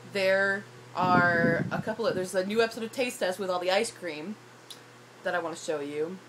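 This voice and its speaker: Young woman vlogger, hoarse, frustrated and rambling, slightly low voice; phone recording with loud noise. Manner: frustrated, rambling, self-deprecating. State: hoarse from shouting. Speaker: YouTuber. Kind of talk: casual vlog rant.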